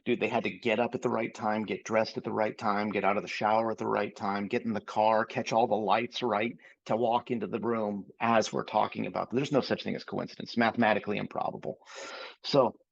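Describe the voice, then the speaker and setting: Male pastor guest, low gravelly husky voice, animated testimony, lo-fi audio. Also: fairly quick. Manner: animated, acts out dialogue. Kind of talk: personal testimony storytelling.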